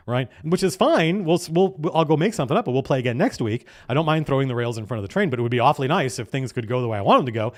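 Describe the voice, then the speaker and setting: Excited man recounting a tabletop game. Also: fairly high pitch, quick pace. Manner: excited, animated storytelling with restarts and profanity. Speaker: game master recounting a session. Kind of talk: casual campaign diary monologue.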